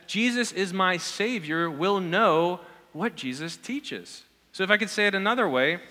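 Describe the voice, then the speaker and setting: Male pastor, earnest sermon delivery with searching questions; bright, slightly high voice in a reverberant hall. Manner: earnest, asks the congregation repeated questions. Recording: long reverb of a large hall.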